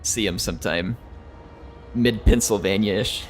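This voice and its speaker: Deep-voiced chatty American man streaming. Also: lively intonation, moderate pace, a bit bright, faint music behind. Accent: General American, slight drawl. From United States. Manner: rambling and chatty, chuckles often. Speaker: streamer playing a strategy game. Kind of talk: casual live-stream chat.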